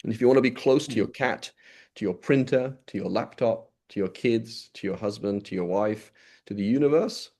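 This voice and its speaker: A man with a fairly low voice teaches an informal religious class. He speaks conversationally, repeating his points and checking in with his listeners after nearly every sentence. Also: moderate pace, warm tone. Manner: conversational, repetitive, asks "right?" often. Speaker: Islamic teacher.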